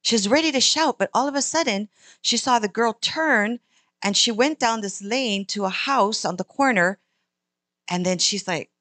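A woman tells a children's story with lively, animated delivery. Her voice sits at a middle pitch. It sounds close and dry, with no echo. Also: moderate pace.

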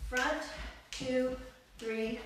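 A woman leads a belly dance lesson, counting out steps in a playful, upbeat way. She talks slowly in a fairly high voice. She sounds distant from the mic in a very echoey room with faint noise. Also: fairly even intonation, fairly bright tone. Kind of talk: live online dance class instruction.

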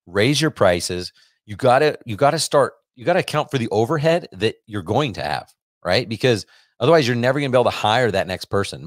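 A man's voice: lowish voice, dry recording, studio quality. A middle-aged man hosting a podcast, talking casually in an upbeat, salesy pep-talk manner, with lots of fillers. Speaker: podcast host. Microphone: podcast microphone.

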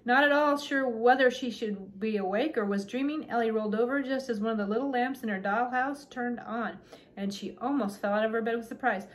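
A woman's voice: on the high side, brisk. A woman hosting her own channel, chatting casually and then reading a children's book aloud. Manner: relaxed, chatty with fillers between reading.

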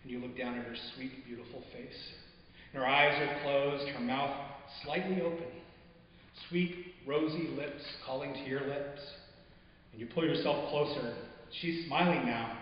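A man reading his own short stories aloud at a live event, in a measured, intimate way that sinks softly at quiet moments. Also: mid-range voice, slight background noise. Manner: measured, intimate storytelling with soft drops. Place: arts venue stage, before an audience. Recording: echoey hall, dull muffled sound.

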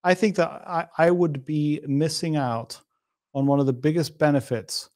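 A man's voice: on the high side, moderate pace, a little mellow. Emphatic, reflective man as podcast guest. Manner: emphatic, reflective, builds arguments with hypotheticals. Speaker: interview guest. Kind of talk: thoughtful podcast conversation.

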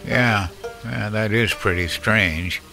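A man doing a gravelly old farmer, slow musing. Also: lowish voice, sharp tone, soft background music, exaggerated voice. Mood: wary. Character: weathered older farmer uncle, wary.

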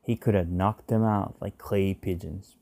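A man narrating a short story in a measured, subdued way. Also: low voice, fairly even intonation, darkish tone. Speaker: reader.

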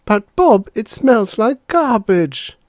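A fussy, suspicious little girl turned chicken whines in a high, lively voice, as a man puts her on. She complains and pleads with every line. The storybook voice sounds close and dry. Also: takes it slowly, dry recording, full character voice. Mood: wary. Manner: whiny and complaining.

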